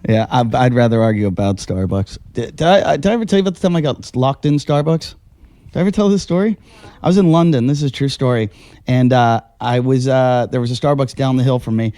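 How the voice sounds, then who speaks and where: An American man hosting a casual talk show, telling a long story in an animated way, swearing and laughing at himself. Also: medium pitch, fast talker, dry recording. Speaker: podcast host. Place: house.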